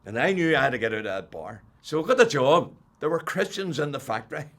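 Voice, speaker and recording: An older man with a Northern Irish accent, telling his personal faith testimony as an animated storyteller who drops to a hush and then rises loud. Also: a little high, fast. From Northern Ireland. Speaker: testimony speaker.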